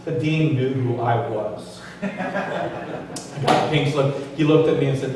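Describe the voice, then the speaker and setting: Animated male pastor in an echoey hall. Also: medium pitch, a little slow, pauses often, a little hiss or hum. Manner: animated, humorous storyteller. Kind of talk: sermon storytelling. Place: church hall. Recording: echoey church hall, distant mic.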